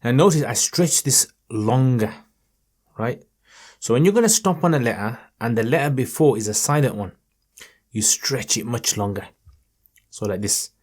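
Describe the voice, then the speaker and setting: A man teaching viewers to read the Quran, speaking in a friendly, encouraging way straight to them and drawing out his recited words slowly. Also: mid-range voice, expressive. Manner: slow, stretched chanting in recited passages. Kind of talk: recitation lesson.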